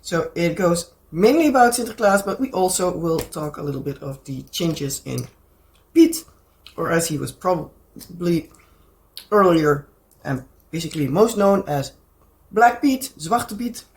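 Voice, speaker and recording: Hoarse Dutch woman chatting while crafting. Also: on the low side, animated, a little mellow. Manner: chatty, rambling, pauses to find words. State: hoarse from a cold. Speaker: crafting channel host. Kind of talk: casual rambling chat while crafting.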